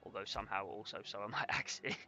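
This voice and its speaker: A man's voice: on the low side, brisk, pushed and bright, faint music behind. A man streaming a strategy game, casually commenting on battles, swearing and joking with his chat. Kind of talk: live gameplay commentary.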